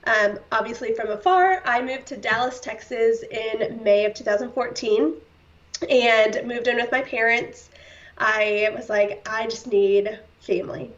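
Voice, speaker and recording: A woman's voice: a little high, a little slow. Earnest woman telling her story, slightly distant. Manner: heartfelt, earnest, with short laughs and many fillers. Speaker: podcast guest. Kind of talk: candid personal storytelling. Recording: slightly distant, dull-sounding.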